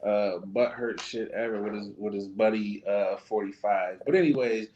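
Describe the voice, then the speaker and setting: A man co-hosting a podcast in casual comedic chat, animated and slangy, laughing often, on slightly dull lo-fi audio. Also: fairly low pitch, normal speed, slight background noise. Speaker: podcast co-host.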